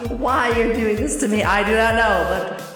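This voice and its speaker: A young woman streaming live, chatting casually with her viewers in an excitable, giggly way, jumping between high squeals and low mutters. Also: moderate pace, faint music behind.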